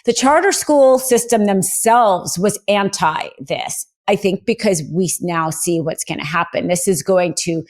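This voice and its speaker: A woman's voice: medium pitch, measured pace, hardly any pauses. Woman, American, legal co-host, opinionated, thinking aloud. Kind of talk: casual analytical discussion.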